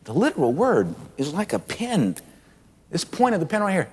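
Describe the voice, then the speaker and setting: A man preaching a sermon with animated delivery, acting out quoted voices and drawing out key words. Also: fairly high pitch, moderate pace, breathy edge, big-room sound.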